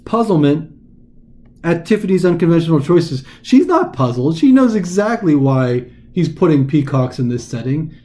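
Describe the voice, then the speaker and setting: Male tutor, casual chatty explainer who acts out the reading, warm tone. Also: on the high side, big pitch swings, moderate pace. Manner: informal, chatty, dramatizes the text. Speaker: test prep tutor. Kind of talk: casual recorded lesson.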